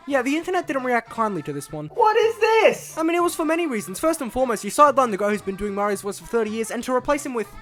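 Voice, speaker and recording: A man narrating a comedic video essay as a film reviewer, sarcastic and animated. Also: sits high.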